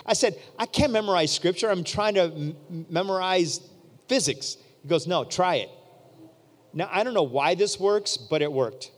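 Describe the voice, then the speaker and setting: Male preacher, high pitch, lively storyteller who voices his characters, long reverb of a big hall. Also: moderate pace. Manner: animated, acts out quoted voices. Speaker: pastor. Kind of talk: storytelling sermon.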